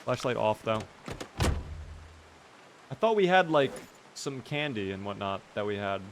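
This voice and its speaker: A man's voice: fairly low pitch, sing-song, measured pace, slight background noise. A man streaming a game live, chatting casually, teasing his character and answering his chat.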